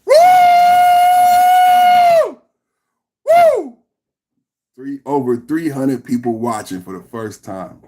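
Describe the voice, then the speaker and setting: A man's voice: medium pitch, moderate pace, few pauses, noisy background. A man hosting a live-stream reaction podcast, chatting loosely and teasing in a mocking, profane way. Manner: loud, mocking, profane banter. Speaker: podcast host.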